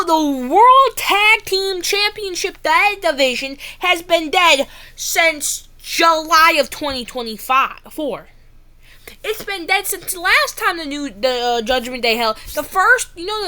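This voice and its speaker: A woman giving a casual, excitable wrestling recap, ranting and saying "bro" a lot. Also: sits high.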